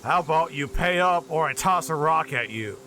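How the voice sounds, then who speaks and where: A man voicing a gruff, menacing giant who demands a toll from travellers. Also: fairly high pitch, lively intonation, normal speed, sharp tone. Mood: threatening. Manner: gruff, bullying. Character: menacing red-haired male giant toll collector.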